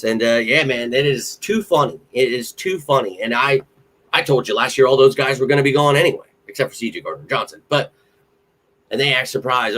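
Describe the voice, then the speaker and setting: A young man from central Pennsylvania hosts a casual live stream for fellow fans. He talks in a loose, excitable ramble that keeps building, and he swears freely. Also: mid-range voice. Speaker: podcast host.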